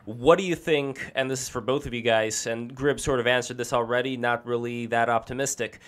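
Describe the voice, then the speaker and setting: Casting: male podcast host, steady monotone, smooth, clean voice, measured delivery. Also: mid-range voice. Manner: measured, asks long questions. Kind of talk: hosting a live-streamed talk show.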